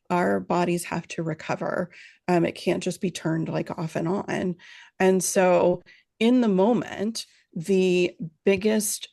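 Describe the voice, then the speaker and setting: A woman with a lowish voice and a gravelly edge, speaking as a parenting expert in an interview. She explains things calmly and steadily, often tagging her points with a quick "right?", and she sounds like she is on a video call. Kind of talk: interview answers at a virtual summit.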